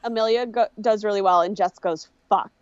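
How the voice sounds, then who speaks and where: A woman's voice: medium pitch, fairly even intonation, fairly quick, clean tone, dry recording, highs cut off. A young woman co-hosting a podcast, recapping a reality show in casual chat and acting out quotes as she goes. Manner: chatty storyteller, acts out quotes. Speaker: podcast co-host.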